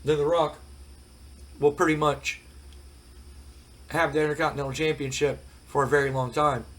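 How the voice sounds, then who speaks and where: A man with a cold-cracked voice voicing a cocky, boastful male wrestler who trash talks loudly. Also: fairly high pitch, little pitch movement, moderate pace, natural voice.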